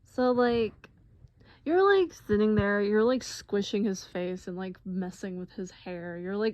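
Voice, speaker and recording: A woman's voice: mid-range voice, a little slow, dry recording. Chatty woman narrating, full of fillers. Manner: chatty, lots of 'like' fillers, animated. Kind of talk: casual storytelling. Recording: dull lo-fi recording.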